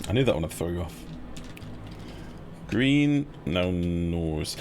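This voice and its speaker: A man's voice: deep voice, very animated, slow, long pauses, a little mellow, faint music behind. A man live-streaming a game, joking and teasing his chat in playful banter.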